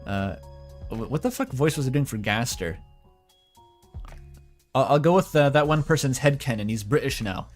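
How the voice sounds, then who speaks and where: A man's voice: medium pitch, sing-song, moderate pace, long pauses, soft background music. A man casually reading a story aloud, breaking off for self-deprecating asides with mild swearing. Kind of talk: casual read-aloud of fan fiction.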